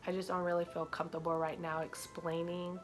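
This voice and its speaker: A young woman speaking to her viewers as a mother, halting and tearful, with many ums and likes as she holds back tears. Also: fairly low pitch, level tone, over music. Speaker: mother vlogger. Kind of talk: emotional personal vlog to viewers.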